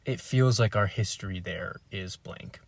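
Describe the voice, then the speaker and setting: A man's voice: fairly low pitch, unhurried, creaky, slightly rough. A man hosting a podcast, talking in a reflective, emotional way with frequent restarts. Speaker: podcast host. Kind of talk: casual interview chat.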